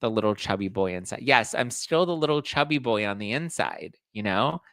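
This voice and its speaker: A man's voice: lowish voice, expressive, brisk, fairly bright tone, no echo, studio quality. A man hosting a casual gossip podcast, chatting and reading out audience comments. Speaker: podcast host. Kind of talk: casual pop-culture gossip chat.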